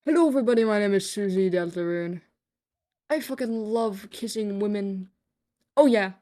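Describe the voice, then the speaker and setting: Susie, as a streamer puts on a loud, brash cartoon girl. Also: moderate pace, lightly acted. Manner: loud, high, over-the-top announcing.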